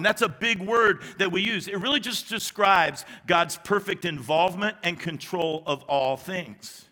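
A man's voice: high-pitched, pushed and bright. A man preaching a sermon as executive pastor, conversational with emphatic repetition and a light touch of humor. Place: large church sanctuary. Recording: long reverb of a large church hall.

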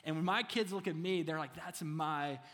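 A male pastor preaching a sermon in a lively, joking way, often checking in with his listeners. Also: a little high, normal speed, long reverb tail.

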